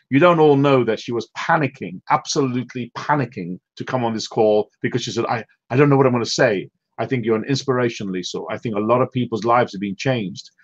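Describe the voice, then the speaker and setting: A man's voice: fairly low pitch, muffled recording. A man from the United Kingdom hosting a motivational online team call, effusive and full of praise, emotional and drained. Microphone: online call audio.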